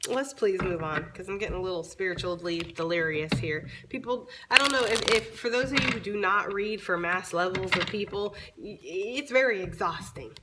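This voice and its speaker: A woman doing a casual tarot reading for her viewers, chatty and informal, swearing freely, her voice a little raspy from long talking. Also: fairly low pitch, fairly quick, few pauses, background noise. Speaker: tarot reader.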